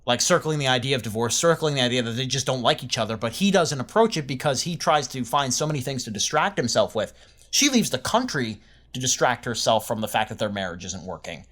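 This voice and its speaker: A man's voice: mid-range voice, big pitch swings, fast, fairly bright tone. A man co-hosting a casual review podcast, joking at himself and laughing often. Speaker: podcast co-host.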